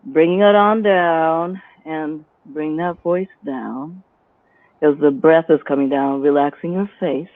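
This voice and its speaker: A woman's voice: sits low, slow. A woman teaching on a live stream, explaining her points by demonstrating them with her own voice. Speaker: guest instructor. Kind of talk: instructional live-stream chat. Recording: dry, phone-like line.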